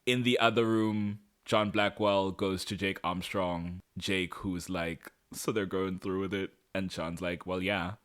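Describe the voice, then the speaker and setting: A man co-hosting a podcast, recapping a TV episode in casual chat, sarcastic and quick to act out the characters. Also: sits low, fairly even intonation, a bit bright, clean tone. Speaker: podcast co-host.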